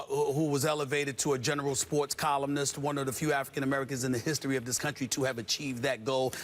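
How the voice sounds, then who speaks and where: A man's voice: a little high, fairly bright tone. A man in his forties hosting a sports debate show, ranting with emphatic sarcasm. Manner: emphatic, sarcastic, sometimes mock-singing. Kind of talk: heated sports debate rant.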